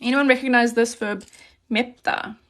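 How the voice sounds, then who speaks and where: Woman, Korean grammar teacher, slightly high voice, relaxed and chatty, live lesson. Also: brisk. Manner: relaxed, chatty, reads chat questions aloud. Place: desk with paper and pen.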